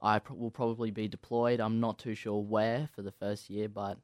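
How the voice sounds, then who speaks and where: A man's voice: on the low side, little pitch movement, normal speed, clean tone, no echo, clean studio sound. A young Australian man interviewed as a guest, polite and agreeable, answering with many yeps. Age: young adult. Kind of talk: casual interview.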